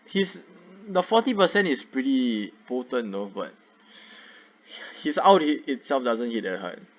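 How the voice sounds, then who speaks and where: A man's voice: medium pitch, very animated, measured pace. A young man, rambling through casual game commentary with many fillers and restarts. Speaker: gaming video creator. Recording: dull lo-fi sound.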